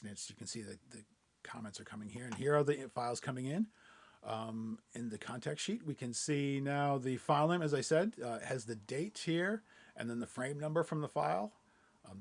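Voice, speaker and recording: Gravelly man talking through a software demo. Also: medium pitch. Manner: relaxed, thinks aloud with many fillers. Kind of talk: screen-share webinar demo.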